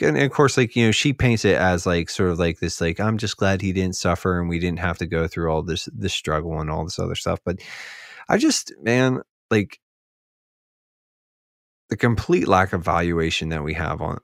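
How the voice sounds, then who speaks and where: A man's voice: deep voice, vocal fry, dry recording, clean studio sound. A man talking on a casual podcast, rambling with lots of filler words and getting heated as he goes. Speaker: podcast speaker.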